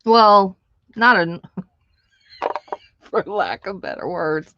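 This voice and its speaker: A woman's voice: mid-range voice, sing-song, takes it slowly, pauses often, smooth, highs cut off. A woman hosting a live stream, chatting casually with viewers while she crafts, laughing often.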